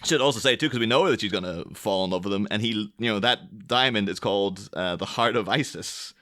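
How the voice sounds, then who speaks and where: A man's voice: on the low side, a little fast, fairly bright tone. A man chatting casually on a podcast, talking at length, laughing often and slipping into mock voices.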